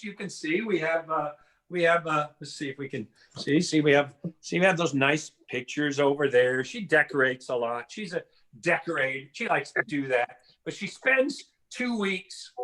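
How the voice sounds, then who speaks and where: A man with a high, bright voice performs a stand-up routine, lively and quick to mimic other people's voices and drawls. He sounds middle-aged. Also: low-quality recording. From Washington State. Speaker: stand-up comedian.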